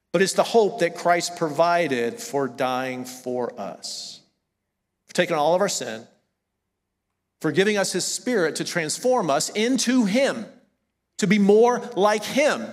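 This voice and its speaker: A man's voice: high-pitched, long reverb tail. A middle-aged man with a Southern US accent preaching a sermon as a pastor, conversational and emphatic, often stopping to correct himself. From American South. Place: church sanctuary.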